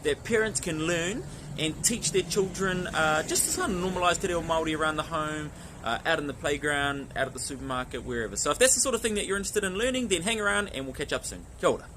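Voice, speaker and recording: A man with a New Zealand accent hosting a casual language lesson, chatty, slowly repeating phrases for learners to copy. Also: a little high, expressive, noisy background. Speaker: language teacher and host.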